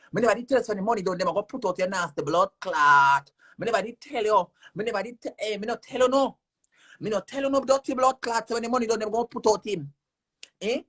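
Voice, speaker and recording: A woman with a Jamaican accent and a medium-pitched, breathy voice heatedly cusses someone out on a livestream. Her rant is repetitive and insulting, captured by phone from a screen-recorded livestream.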